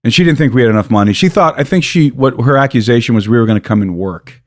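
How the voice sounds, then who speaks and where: An American man, a podcast guest, telling a story in an animated way, often breaking off and restarting his sentences. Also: mid-range voice, fast talker, dry recording, clean studio sound. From United States. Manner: animated, self-interrupting storyteller. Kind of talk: casual storytelling.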